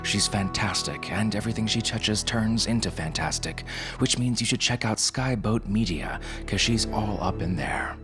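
A man's voice: fairly low pitch, normal speed, fairly bright tone. A man hosting a fiction podcast, giving an upbeat, chatty introduction. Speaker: podcast host. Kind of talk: casual show introduction. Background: music.

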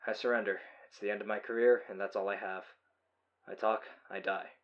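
A man voicing a weary, resigned male hero in custody, speaking quietly. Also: fairly low pitch, fairly even intonation, brisk, dull audio.

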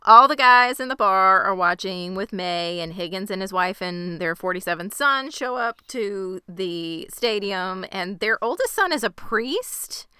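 A woman's voice: medium pitch, lively intonation, a little slow, hardly any pauses, sharp tone, clean tone, no room sound, studio quality. A woman co-hosting a casual chat, summarizing a TV episode scene by scene and laughing along. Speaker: podcast co-host recapping a TV episode.

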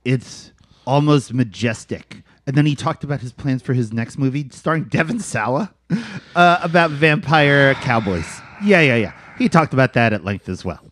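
Man co-host, casual chat, swings his pitch wide, dry close sound. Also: normal speed, no room sound. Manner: animated storytelling with big pitch swings; swears freely, says "man" and "dude". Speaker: podcast co-host.

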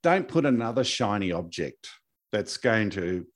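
A man's voice: lowish voice, sing-song, unhurried. A man co-hosting a podcast, talking in a casual, hesitant way with many fillers and restarts. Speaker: podcast co-host. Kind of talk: casual chat.

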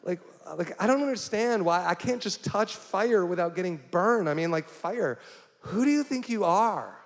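Man doing a whiny valley girl, high, drawling indignation, long hall reverb. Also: lively intonation, normal speed. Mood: indignant, whiny. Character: whiny entitled valley girl scolding fire.

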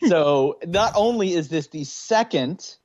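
A man's voice: a little high, expressive, slow, darkish tone, dull audio. A man co-hosting a podcast in casual chat, teasing and sarcastic. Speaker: podcast co-host.

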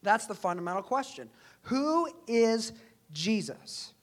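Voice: medium pitch, very animated, a little slow. Preacher, casual and sincere delivery, rhetorical questions to the congregation. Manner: conversational, earnest, asks rhetorical questions. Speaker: pastor. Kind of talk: sermon.

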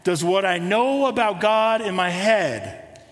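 A man's voice: high-pitched, expressive, takes it slowly, a bit bright, in a large hall. A male pastor preaching a sermon in a conversational way, asking the congregation questions.

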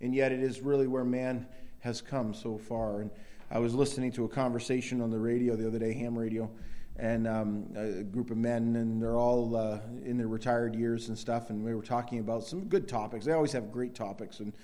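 A man's voice: medium pitch, fairly even intonation, a little fast, warm tone. A middle-aged man preaching a sermon in a loose, conversational way, with many restarts and sudden emphatic bursts. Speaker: pastor.

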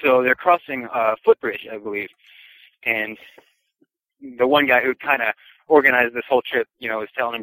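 A man casually telling a long anecdote, chatty and relaxed, acting out the voices of the people in it. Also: mid-range voice, moderate pace, no echo, low-quality recording. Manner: relaxed, chatty, acts out quoted voices, chuckles. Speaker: storyteller. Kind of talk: casual podcast storytelling.

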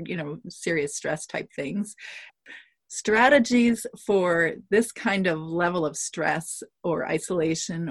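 A woman hosts a podcast, asking her guest questions in a curious, inviting tone. Her voice sits somewhat low. The recording is dry and close, with no room sound. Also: no room sound. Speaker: podcast host. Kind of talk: interview questions.

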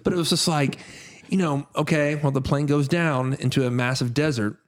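A man's voice: a little high, steady tone, normal speed. A man hosting a podcast, chatting casually about a movie, laughing often and swearing freely. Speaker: podcast host.

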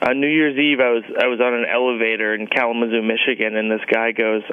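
A man with a wry, earnest storytelling manner, dropping jokes with a deadpan touch. His voice sits mid-range. The sound is dry and close, a bit dull and lo-fi. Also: mid-range voice, fast talker, clear, resonant tone, dry recording. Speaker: storyteller reading a personal tribute. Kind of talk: comedic personal storytelling.

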